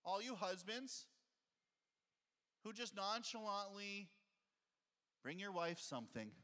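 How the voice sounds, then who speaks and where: A man's voice: high-pitched, sing-song, slow, bright, forceful tone, long reverb tail. A male pastor preaching a conversational sermon and reading scripture aloud, heard in a church sanctuary.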